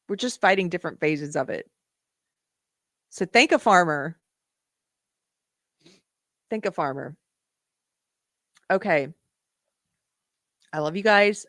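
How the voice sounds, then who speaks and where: A woman's voice: fairly low pitch, a bit bright, no echo, clean studio sound. A woman hosting a live stream, chatting earnestly and directly with her viewers. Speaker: livestream show host. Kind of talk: casual live-stream chat.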